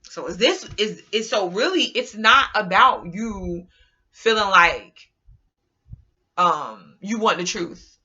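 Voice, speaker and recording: A woman vlogger talking casually to her viewers in an animated, rambling, slangy way. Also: medium pitch, takes it slowly, slightly rough, dull audio. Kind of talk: casual monologue to camera.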